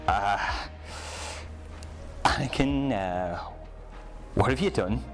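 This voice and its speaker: A man's voice: on the low side, extremely slow, faint music behind. Obi-Wan, a man doing a shaken Jedi mentor. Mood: confused. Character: troubled male Jedi mentor, grave and shaken.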